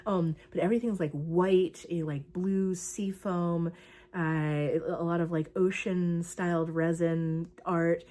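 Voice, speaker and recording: A woman's voice: lowish voice, fairly even intonation, slow pace, warm tone. A young woman talking casually about her crochet project, chatty and rambling, with lots of fillers. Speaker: crochet vlogger. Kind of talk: casual craft vlog chat.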